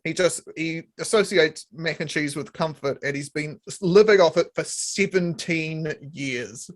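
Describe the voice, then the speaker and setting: A man's voice: on the high side, a little slow. A man co-hosting a casual podcast chat, recounting things he read or watched and laughing along. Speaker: podcast co-host.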